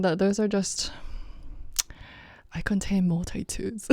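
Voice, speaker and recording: A woman's voice: medium pitch, vocal fry, no room sound, clean studio sound. A woman talking casually in a reflective vlog, rambling with many fillers and often breaking into laughter. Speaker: vlogger.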